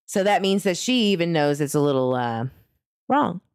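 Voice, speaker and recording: A woman's voice: fairly low pitch, sing-song, measured pace, darkish tone, clear, resonant tone, no echo, clean studio sound. A woman hosting a true crime channel, talking casually and with frustration to her viewers while she searches online. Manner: frustrated, talks to viewers, laughs between remarks.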